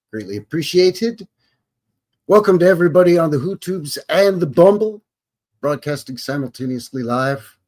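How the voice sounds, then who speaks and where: A man from Alberta hosting a casual live stream, greeting chatters with folksy cowboy talk. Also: mid-range voice. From Alberta, Canada. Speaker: livestream host.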